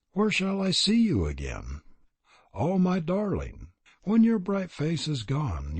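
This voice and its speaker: A man reading a storybook, voicing a grieving old serpent mother in a wailing lament with a husky voice. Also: medium pitch, darkish tone, no echo.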